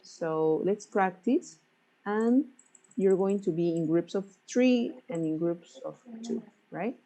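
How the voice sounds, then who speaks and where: A woman's voice: mid-range voice, expressive, slow, mellow, poor audio. A woman teaching an English class, patiently explaining stress and checking in with her students again and again. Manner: patient, checks in often with "right?".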